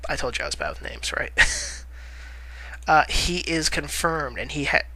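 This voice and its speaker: A man's voice: a little high, big pitch swings, a little slow, noisy background. A man giving casual movie-news commentary in a vlog, rambling with lots of "uh" fillers, correcting himself and chuckling wryly at his own remarks.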